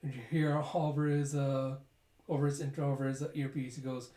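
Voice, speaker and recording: A man's voice: medium pitch, fairly quick. A man casually reading through a manga chapter aloud, adding sound effects and commentary. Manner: casual, animated, uses sound effects and fillers. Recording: roomy echo.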